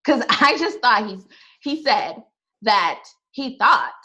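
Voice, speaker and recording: A woman's voice: a little high, animated, takes it slowly, sharp tone, breathy edge, poor audio. Young woman, Trinidadian accent, podcast co-host; candid, emphatic, conversational delivery. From Trinidad and Tobago. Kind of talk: casual chat.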